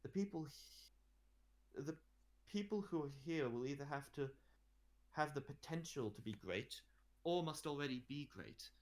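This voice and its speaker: A man's voice: on the high side, animated, measured pace, pauses often, pitched above the performer's own voice. A man voicing a bored, haughty woman who rules a great library, speaking in an imperious, weary way. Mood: lofty.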